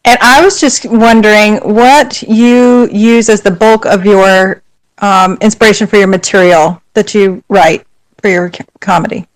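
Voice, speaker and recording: A woman who has moved from the northern United States calls in and asks a friendly, slightly halting question. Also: mid-range voice, steady tone, low-quality recording. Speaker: caller. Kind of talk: call-in question.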